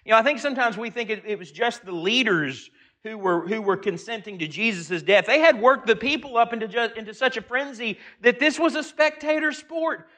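High, bright-voiced preacher man. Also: animated. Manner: earnest, slows down and swells for emphasis. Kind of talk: sermon with scripture reading.

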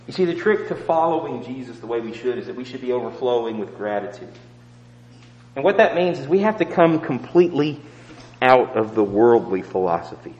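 A male preacher telling a story in a sermon, swinging between loud emphatic peaks and hushed low asides. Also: lively intonation, a little fast, in a large hall, highs cut off.

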